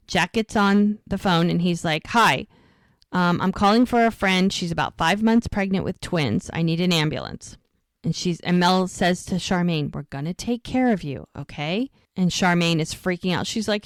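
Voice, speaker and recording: A woman's voice: fairly low pitch, normal speed, no room sound. A woman co-hosting a podcast, casually recapping an episode and acting out the characters' lines as she goes. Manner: animated retelling, acts out quoted lines.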